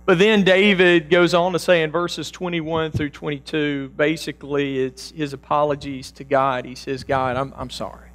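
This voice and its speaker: A man in his forties preaching a sermon in a church, earnest and halting, often repeating his words. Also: fairly high pitch, level tone, a bit bright. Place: church sanctuary.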